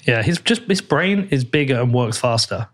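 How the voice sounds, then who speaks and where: A man hosts a relaxed podcast conversation. His talk is chatty and teasing, and he swears now and then as he jokes with his guest. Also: medium pitch, normal speed. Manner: chatty, joking, swears casually. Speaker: podcast host. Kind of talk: casual podcast interview.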